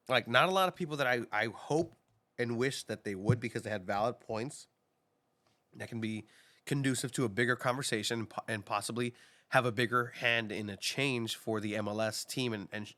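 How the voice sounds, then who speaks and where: Podcast co-host, male, bright voice, pushy and animated. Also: medium pitch. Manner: animated, urging, repeats himself. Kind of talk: casual podcast chat.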